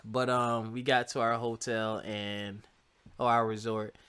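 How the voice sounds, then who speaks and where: A man's voice: medium pitch, little pitch movement, measured pace, a bit bright, clear, resonant tone. A man hosting a podcast, telling a laid-back story in casual chat and joking at himself. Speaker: podcast host.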